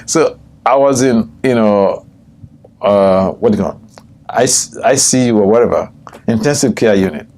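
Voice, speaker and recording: In a temple room, an older man who is a swami teaches a scripture class filled with personal anecdotes, speaking at a moderate pace in a darkish tone. He tells stories, chuckles often, and jumps high in pitch when quoting people.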